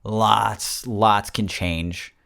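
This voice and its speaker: A man's voice: lowish voice, steady tone, very slow, gravelly, a bit bright. A man co-hosting a podcast in casual, crude, jokey chat, often restarting his sentences. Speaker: podcast co-host.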